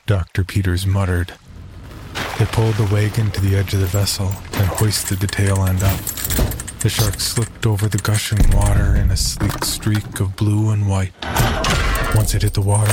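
A man giving scripted narration of a horror story in a measured, even way. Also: fairly low pitch, heavy background noise. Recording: narration over loud music.

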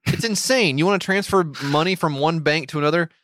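A man's voice: fairly high pitch, brisk, fairly bright tone, no echo, studio quality. A man co-hosting a podcast in casual chat, ranting with heavy swearing and acting out the voices of the people and machines he quotes. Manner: profane, exasperated ranting. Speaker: podcast co-host.

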